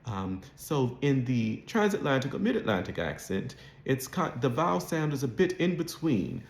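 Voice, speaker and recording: A man's voice: medium pitch, sing-song, moderate pace, hardly any pauses, reverberant. A man coaching an accent, explaining and demonstrating sounds in a lesson.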